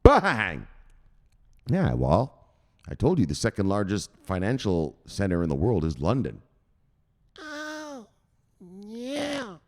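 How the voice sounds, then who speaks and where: A low-voiced man hosts a crypto news show in a loose, profane commentary style. His pitch jumps around animatedly as he gets excited, and he keeps hammering his points home with a punchy "bang." He sounds casual and worked-up rather than scripted. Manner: excitable, swears freely, punctuates points with "bang".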